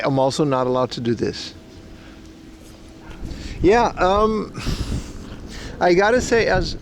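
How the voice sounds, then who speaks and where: A man's voice: fairly high pitch, slight background noise. Chummy Dutch man rambling to his stream. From Netherlands. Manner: rambling, chummy, addressing chat as bro. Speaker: livestreamer. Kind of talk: casual IRL livestream chat. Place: walking outdoors and through a supermarket.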